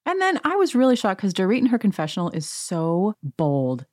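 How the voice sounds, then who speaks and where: A woman's voice: mid-range voice, wildly swooping pitch, moderate pace, darkish tone, no room sound, clean studio sound. A woman host casually recapping a reality show, sarcastic and rambling. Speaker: podcast host.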